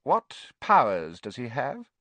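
A man voicing a brisk, bossy middle-aged female shopkeeper witch. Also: medium pitch, wildly swooping pitch, a bit bright, dry recording, heavily acted. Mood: appraising.

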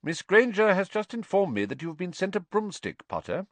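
A man's voice: sits high, sing-song, fairly quick, dry recording, pitched above the performer's own voice. A man acting out a strict older woman teacher with a dry, clipped delivery. She is tart and sarcastic, her voice lifting sharply on questions, in a storybook reading. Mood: stern.

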